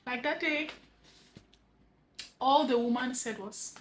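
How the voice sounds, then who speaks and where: Halting, earnest grieving woman. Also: high-pitched, a little hiss or hum, rough recording. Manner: halting, repeats words, earnest; voice drops soft at phrase ends. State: grieving widow, emotional. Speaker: vlogger sharing a personal story. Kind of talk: heartfelt personal vlog monologue.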